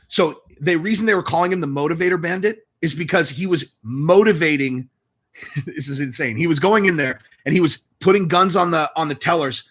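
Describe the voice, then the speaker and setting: Male host, slightly raised pitch, profane rambling storyteller, casual fight watch-along chat. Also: a bit bright.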